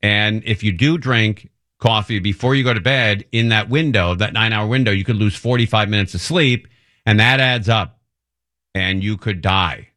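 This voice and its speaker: A man's voice: lowish voice, normal speed, sharp tone. A middle-aged man hosting a radio show, joking and laughing at himself. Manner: self-mocking, jokey, laughs often. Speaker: radio host. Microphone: studio mic.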